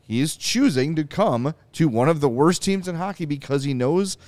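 A man hosting a podcast, talking sports in an animated, emphatic way. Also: on the high side, normal speed, no echo. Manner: animated, emphatic, quotes players in asides. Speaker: podcast host. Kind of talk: casual sports talk.

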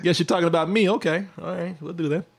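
A man's voice: fairly high pitch, steady tone, fast talker, gravelly. A man hosting a casual livestream chat, joking and laughing often, with a tickle in his throat. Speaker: livestream host.

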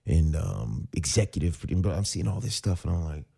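A man around forty with a deep, mellow voice tells a story as a podcast guest. He acts out each side of the conversations in lively fashion, recalling his days as a football player turned actor. The voice is low and warm throughout. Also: normal speed, vocal fry, slightly rough. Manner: animated storyteller who acts out both sides of conversations. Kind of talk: casual storytelling interview.

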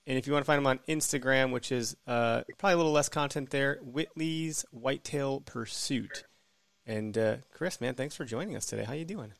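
A man with a Wisconsin accent hosts a casual interview, upbeat and full of friendly banter. His voice sits at an average pitch. He is recorded close and dry. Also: a little fast, vocal fry, a bit bright, no room sound. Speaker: podcast host.

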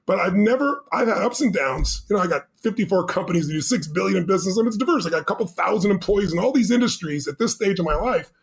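A man telling a story as a podcast guest, animated and emphatic, acting out the quotes. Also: high-pitched, quick pace, gravelly, hardly any pauses.

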